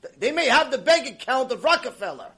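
A man, a rabbi, telling a story in a sermon with dramatic swings from loud exclamations to near whispers and Hebrew terms mixed in. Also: extremely high pitch, sing-song, brisk, slightly rough, poor audio. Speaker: rabbi teaching a Torah class.

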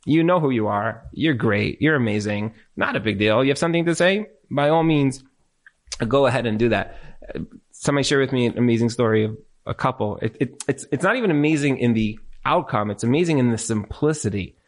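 A man telling anecdotes in a casual, animated way, acting out what people said in shifting voices, with many "like" fillers. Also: medium pitch, fairly quick. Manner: animated storytelling, acts out quotes in other voices; conversational, lots of filler "like".

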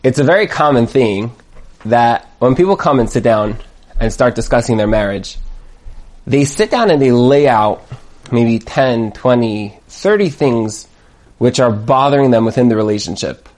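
A man teaching a Torah class, telling stories and acting out the people in them. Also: normal speed. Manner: animated storyteller, jumps high to act out quoted voices. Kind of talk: lively Torah class with acted-out scenarios.

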